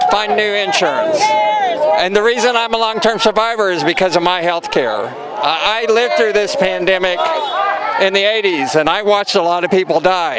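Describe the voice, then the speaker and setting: Older man speaking earnestly at a rally. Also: sits high. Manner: earnest, emotional, plain-spoken. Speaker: bus dispatcher. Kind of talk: rally testimony. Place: outdoor rally at city hall. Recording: noisy outdoor crowd.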